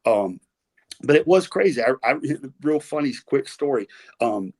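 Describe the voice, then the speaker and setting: A middle-aged former wrestler from the American South guests on a podcast, telling rambling stories full of fillers and restarts in a Southern US accent. His medium-pitched voice is very animated yet unhurried, in a casual storytelling interview.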